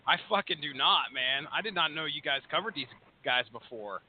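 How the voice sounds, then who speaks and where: Lively high-voiced man, lo-fi podcast. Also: a little fast, slight background noise. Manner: excitable, profane, laughs a lot. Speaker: podcast co-host. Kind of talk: casual podcast chat. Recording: phone-like band.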